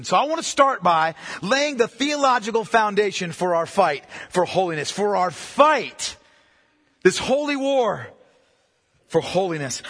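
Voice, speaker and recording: A man's voice: very high voice, pushed and bright, breathy edge, in a large hall. A pastor preaching a sermon, emphatic and firing rhetorical questions at his congregation.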